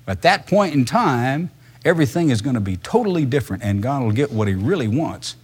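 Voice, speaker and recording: A man's voice: medium pitch, big pitch swings, brisk, slightly rough. Man, pastor, casual emphatic sermon, rhetorical questions.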